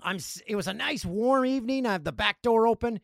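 A man hosting a podcast, telling stories in a casual, animated way and acting out other people's lines. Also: high-pitched, fairly quick, vocal fry, dry recording, clean studio sound. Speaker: podcast host. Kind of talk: casual storytelling.

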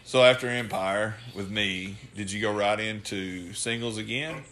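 Man, co-host, bright voice, profane storyteller. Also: lowish voice, measured pace, a little hiss or hum. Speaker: podcast co-host. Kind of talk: casual chat.

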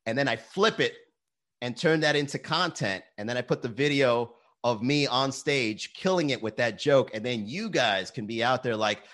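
Man, comedian livestream host, animated, swears a lot. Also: mid-range voice, moderate pace. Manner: animated, swears often, reads chat aloud. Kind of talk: profane casual livestream chat.

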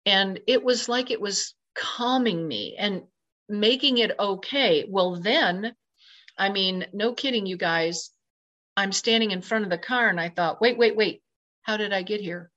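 Interview guest, woman, mid-range voice, lively storyteller who voices her own thoughts, muffled lo-fi sound. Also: mid-range voice, measured pace. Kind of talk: personal account told in conversation. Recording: slightly dull lo-fi recording.

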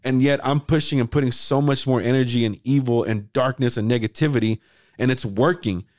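A man hosts a casual podcast chat with a voice of medium pitch. He talks in an animated way, swears freely and acts out his old thoughts in quoted asides. The sound is dry and close. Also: fairly quick, dry recording. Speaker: podcast host.

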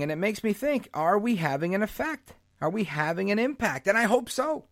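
A man hosting his own podcast, talking in an animated, opinionated way and dropping in Spanish words. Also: fairly high pitch. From United States. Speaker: podcast host. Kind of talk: solo podcast monologue. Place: New York.

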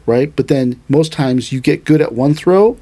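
A man who teaches a traditional martial art, explaining in a casual podcast conversation. He talks animatedly and thinks aloud, with restarts and quick asides. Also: fairly high pitch, dark tone.

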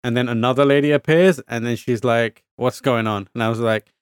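A man's voice: medium pitch, brisk, smooth, no room sound, clean studio sound. A man from the UK telling a story in a casual chat, acting out voices with lots of fillers and swearing. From United Kingdom. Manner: animated storyteller, acts out quoted voices, swears, frequent fillers. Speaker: podcast co-host telling a story.

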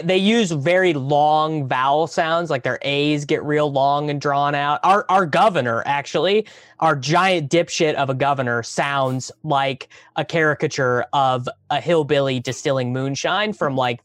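A man's voice: a little high, dry recording, studio quality. A man from the American Midwest with a plain Midwestern accent, chatting bluntly on a podcast and often repeating words as he starts a sentence. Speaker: podcast co-host. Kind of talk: casual chat.

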